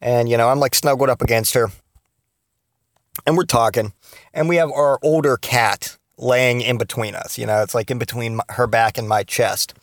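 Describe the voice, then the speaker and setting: A man's voice: mid-range voice, steady tone, normal speed, no echo, clean studio sound. Profane, rambling man telling a story. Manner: rambling, profane, lots of fillers. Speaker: podcast host. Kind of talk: casual comedic storytelling.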